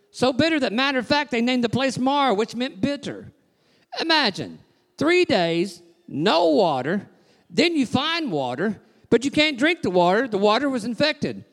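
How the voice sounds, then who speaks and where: A male pastor preaching a sermon to his congregation, emphatic and rhythmic, with frequent call-outs to the crowd. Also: high voice. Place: church sanctuary. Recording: long reverb of a large church hall.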